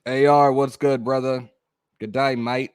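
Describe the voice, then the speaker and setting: A man hosting a live sports podcast, talking loud and excited with plenty of swearing. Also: mid-range voice, clear, resonant tone, no room sound, clean studio sound. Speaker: podcast host. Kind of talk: casual live-stream chat.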